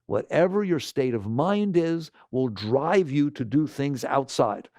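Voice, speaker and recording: A man giving a spiritual talk to a live audience, animated and acting out inner voices in exaggerated quotes. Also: medium pitch, measured pace, dry recording, clean studio sound. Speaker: spiritual teacher.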